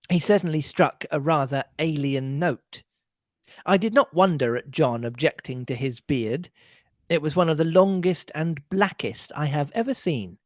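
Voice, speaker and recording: Expressive book-club reader. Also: medium pitch, normal speed, no room sound. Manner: expressive, animated reading. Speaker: podcast co-host and reader. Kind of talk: reading a novel aloud with chat.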